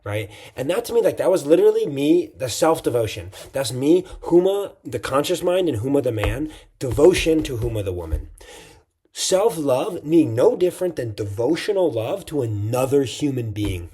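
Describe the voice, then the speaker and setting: A man's voice: medium pitch, sing-song, moderate pace, dark tone, slightly rough. A tired man giving a casual, reflective vlog monologue late at night, rambling with frequent "like"s and restarts. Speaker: vlogger.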